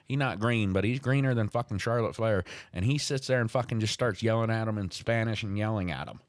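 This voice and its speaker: A man's voice: mid-range voice, no echo. A man hosting a talk show, ranting in a heated, profane way about a wrestling feud. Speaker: podcast host. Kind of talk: heated wrestling commentary chat.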